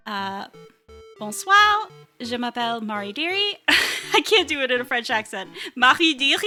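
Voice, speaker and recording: A woman's voice: high voice, sharp tone. A young woman streaming a playful, casual self-introduction at a desktop mic, giggling and chatting with her viewers. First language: English. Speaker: VTuber streamer.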